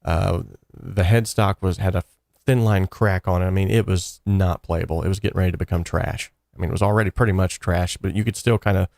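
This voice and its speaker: A man telling a personal story about his church and guitars, an animated storyteller who voices the people he quotes. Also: deep voice, brisk, creaky, no room sound, studio quality.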